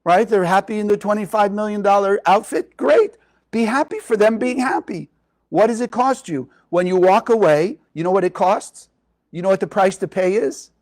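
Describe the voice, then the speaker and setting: A man with a high voice teaching a spiritual lesson to a live group. He speaks expressively and keeps turning to his listeners with questions. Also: normal speed, darkish tone, poor audio.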